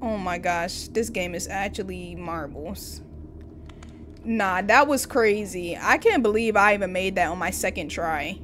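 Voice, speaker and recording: A woman's voice: mid-range voice, a little slow, fairly bright tone, a little hiss or hum. A woman hosting a gaming channel, chatting to viewers and yelping when startled, her voice slightly worn. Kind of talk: casual horror game commentary. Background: game music.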